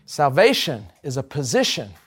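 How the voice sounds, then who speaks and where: A man leads a scripture class in an emphatic teaching voice. He presses his points with rhetorical questions and calls for replies from the group, at a middle pitch. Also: very animated, moderate pace, a bit bright, breathy edge.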